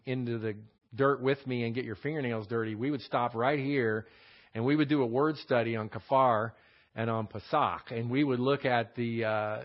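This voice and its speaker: A man teaching a verse-by-verse Bible study, explaining words and asking rhetorical questions with many fillers. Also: medium pitch. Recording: dull lo-fi sound.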